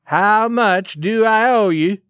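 Fierce male brawler, loud, sneering, drawn out, animated pitch, played by a man. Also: slow pace, breathy edge, dry recording, clean studio sound, heavily acted. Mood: mocking.

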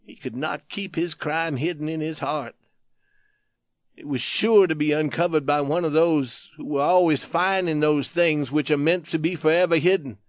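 A man narrating a war story in a measured, even audiobook style. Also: a little high, no echo, lo-fi sound.

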